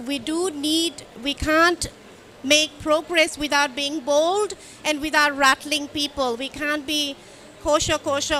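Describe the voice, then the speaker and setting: A woman's voice: sits high, bright, forceful tone, a little hiss or hum. A woman in her fifties, a development bank director, speaking boldly and emphatically on a conference panel at a pavilion, with frequent fillers. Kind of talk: impassioned panel remarks.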